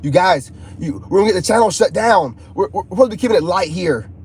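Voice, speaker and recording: A man talking to his viewers in a casual, rambling monologue, restless and animated, often repeating himself. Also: high voice, fast talker, a little hiss or hum. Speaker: YouTuber.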